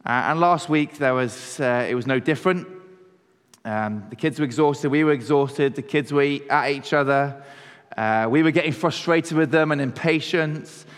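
A man, a pastor, preaching a sermon in a measured, conversational way, slowing down to stress key words. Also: on the high side, smooth. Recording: long hall reverb.

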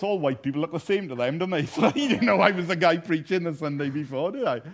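A male preacher delivers his sermon through funny, self-deprecating anecdotes. His voice sits a touch high for a man. He jokes freely with his listeners. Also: animated, quick pace. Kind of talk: sermon with storytelling.

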